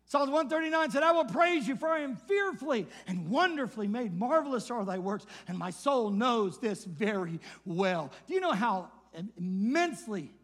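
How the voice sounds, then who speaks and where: Older male pastor, very high voice, sermon, shouts then drops to a hush. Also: big-room sound. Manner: swings from loud shouted preaching to hushed quiet passages.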